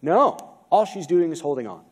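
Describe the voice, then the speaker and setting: A man's voice: on the high side, very animated, moderate pace, breathy edge. A man with an American accent preaching a sermon from the pulpit, asking the congregation questions as he goes. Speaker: pastor. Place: church sanctuary. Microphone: video-recorded pulpit mic.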